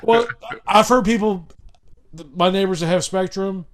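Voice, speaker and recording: A man's voice: high voice, normal speed. A man from Chicago co-hosting a podcast over a remote call, rambling and profane, full of restarts and asides. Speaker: podcast co-host. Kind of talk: casual chat.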